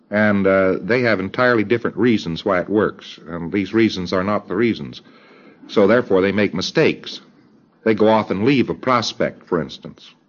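A low-voiced man lectures with a lively, swinging delivery and slips into quoted voices as he goes. The sound is dull and lo-fi, like an old tape. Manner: deliberate, acts out dialogue in quoted voices. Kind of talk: recorded lecture.

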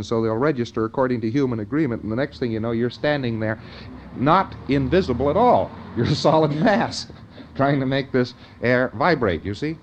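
A man's voice: mid-range voice, highs cut off. A man giving an informal lecture in a conversational way, often checking in with his listeners.

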